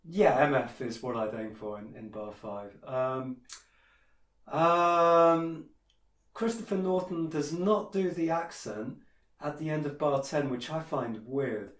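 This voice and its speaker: A man's voice: fairly high pitch, slow. A man teaching a piano piece in a casual tutorial, opinionated and hesitant, with many fillers and restarts. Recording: echoey room with piano playing.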